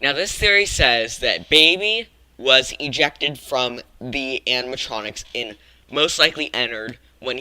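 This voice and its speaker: Bright-voiced guy rambling through game theories. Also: medium pitch, dry recording, poor audio. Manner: rambling, frequent self-corrections and restarts. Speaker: gaming channel host. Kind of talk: casual video-game theory vlog.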